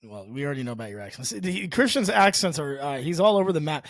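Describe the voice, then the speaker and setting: A man's voice: on the high side, lively intonation, fast talker, no echo. A man co-hosting a casual movie podcast, rambling with frequent restarts and chuckles mid-sentence. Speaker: podcast co-host.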